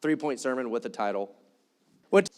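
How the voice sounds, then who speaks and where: A man's voice: medium pitch, animated, moderate pace, slight background noise. A man preaching in church, conversational and joking, acting out quoted voices. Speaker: pastor. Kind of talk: sermon.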